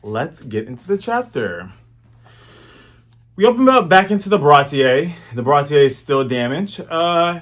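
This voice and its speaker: A man's voice: on the high side, sing-song, measured pace, a bit bright. A man in his thirties hosting a manga review, chatty and slangy in casual commentary. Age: 30s.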